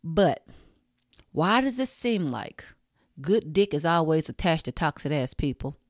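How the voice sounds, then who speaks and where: A woman's voice: low voice, big pitch swings, unhurried, dry recording. A woman podcast host, ranting frankly and profanely in a casual monologue into a close mic. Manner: frank, profane, rants with punchy asides.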